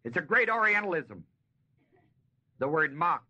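A man giving a verse-by-verse Bible teaching, with a slightly high and bright, forceful voice. He talks at a slow, deliberate pace, drawing out key words for emphasis and putting questions to his listeners. The sound comes from a dull, lo-fi 1970s tape recording. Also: big pitch swings, husky. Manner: emphatic, slows and stresses key words, asks the audience questions.

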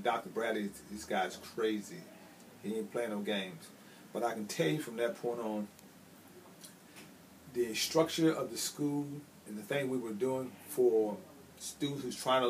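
A middle-aged man from Chicago, a school administrator telling stories from his career, emphatic and repeating his key phrases. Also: medium pitch. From Chicago, United States. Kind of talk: recounting personal career stories. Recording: slightly distant mic with faint ambient noise.

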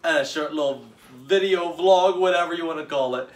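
A man's voice: a little high, fairly quick. A man vlogging outdoors as he trains his dog, playful and laughing often, giving short commands between explanations.

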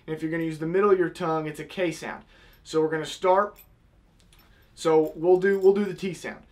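A man's voice: high-pitched, a bit bright. A young man casually teaching, step by step, how to blow a goose call. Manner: step-by-step, demonstrating with vocal honk sounds.

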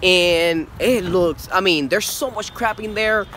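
A man talks through a casual vlog with an excitable, rambling delivery full of ums and restarts. His voice sits a touch high for a man. Faint outdoor noise hums behind him. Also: measured pace. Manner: excitable, rambling with many fillers. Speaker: vlogger. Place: outdoors and in a car around shops.

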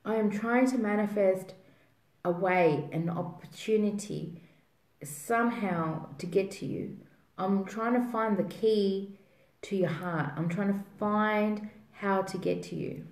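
A woman's voice: medium pitch, slow pace, a little mellow. A woman voicing a remorseful man who pleads in breathless self-reproach. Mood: pleading. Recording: roomy echo.

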